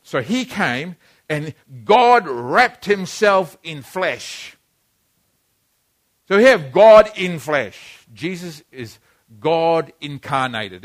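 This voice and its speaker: A man's voice: a little high, fairly bright tone. A male pastor preaching a sermon in a church, emphatic, repeating key phrases and leading the congregation in responses.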